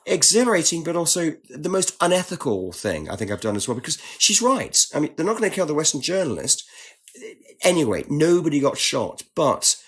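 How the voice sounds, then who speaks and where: A British man, a guest on a talk show, telling an animated story in conversation and slipping into other voices when quoting people. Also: on the high side, brisk, slightly rough. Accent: British English. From Britain.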